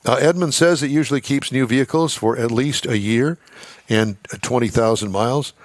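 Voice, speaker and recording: A male radio host in a studio, chatting casually and reading car news with wry asides. His voice sits at an everyday middle pitch. The studio sound is close and dry. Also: normal speed, dry recording. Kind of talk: casual on-air chat.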